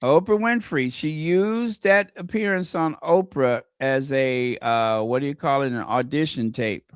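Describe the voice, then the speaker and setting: A man co-hosting a casual gossip chat, animated and mocking, breaking into impressions. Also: medium pitch, measured pace, clear, resonant tone, no echo, studio quality. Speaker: co-host.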